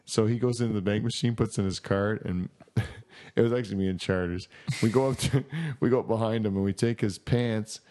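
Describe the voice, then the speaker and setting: A man's voice: on the low side, a little fast, warm tone. A man, a podcast co-host from Canada, telling rambling stories in casual chat with lots of laughter and filler words. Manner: rambling storyteller, laughs often, many fillers.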